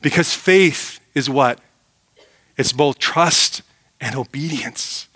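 This middle-aged pastor's sermon is forceful: he asks the congregation rhetorical questions and sinks to a hush to make a point. His medium-pitched voice moves slowly and has a breathy edge.

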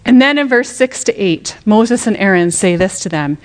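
A middle-aged woman giving a conversational Bible teaching, animated and full of rhetorical questions, sometimes acting out quotes with drama. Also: mid-range voice, normal speed, hardly any pauses.

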